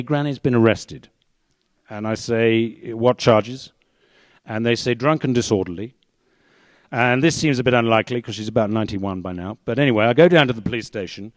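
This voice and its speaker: Male storyteller, mid pitch, dry close sound, wry comic delivery. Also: dry recording. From England. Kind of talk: live storytelling performance.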